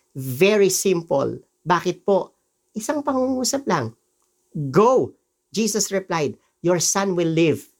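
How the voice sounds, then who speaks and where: A woman with a Filipino accent preaches in a mid-range voice, switching between English and Tagalog. She is emphatic and slows right down on each scripture quote to press it home. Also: medium pitch. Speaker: pastor. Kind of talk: sermon.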